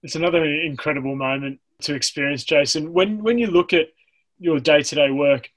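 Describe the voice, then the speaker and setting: A man interviewing a guest, asking measured, admiring questions. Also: fairly high pitch, fairly bright tone, poor audio.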